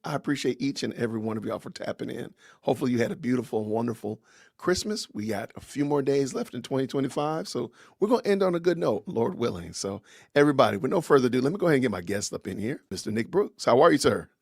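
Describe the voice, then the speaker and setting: A man's voice: medium pitch, expressive, fast talker, creaky, a little mellow, no room sound, studio quality. A man hosting a casual livestream podcast, greeting viewers with slangy, upbeat phrases and introducing his guest. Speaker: podcast host.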